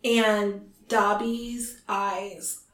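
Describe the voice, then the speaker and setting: A woman hosting a casual book-discussion podcast, retelling the chapter in an animated way. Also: mid-range voice, very slow. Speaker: podcast host. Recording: roomy echo.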